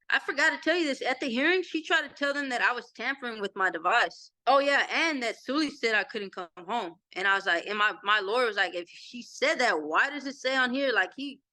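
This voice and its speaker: A woman's voice: fairly high pitch, fairly quick, no room sound. A woman in her thirties with a Texan accent, telling a story as an interview guest and acting out the dialogue she quotes. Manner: animated retelling with quoted dialogue. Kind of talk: casual storytelling.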